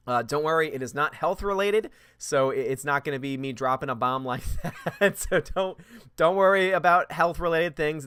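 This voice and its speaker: A man's voice: medium pitch, sharp tone, clean tone, dry recording, clean studio sound. A man hosting a live stream, greeting viewers by name and reading their chat messages aloud. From United States. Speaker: host.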